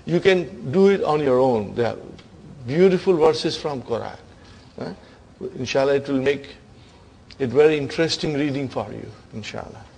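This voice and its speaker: A man's voice: medium pitch, lively intonation, normal speed, creaky, darkish tone, husky. A man teaching grammar in a classroom lecture, emphatic and often checking in with his listeners.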